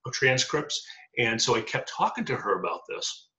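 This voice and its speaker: A man's voice: medium pitch, big pitch swings, normal speed, sharp tone. A middle-aged man telling his life story in an interview, with many ums and uhs. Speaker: interview guest. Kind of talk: casual storytelling. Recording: dull lo-fi audio in echoey room.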